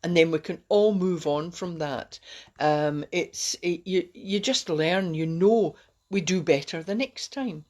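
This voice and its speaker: Lady rambling through pep-talk tips on a live stream, kinda low voice. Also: a little slow, darkish tone. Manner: chatty, rambling, encouraging. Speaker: host.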